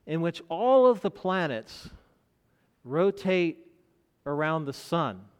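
A man with a fairly high voice delivers a sermon at an unhurried, deliberate pace. He leans into key phrases with rising emphasis and lets pauses hang. His voice carries through the long reverb of a large hall. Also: sing-song, smooth. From United States. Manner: measured preaching with dramatic pauses and rising emphasis. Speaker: pastor.

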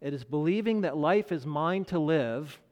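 A man preaching a sermon, measured, with dramatic pauses and rising emphasis. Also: on the high side, animated, a little mellow, muffled recording. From United States. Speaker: pastor. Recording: long reverb of a large hall.

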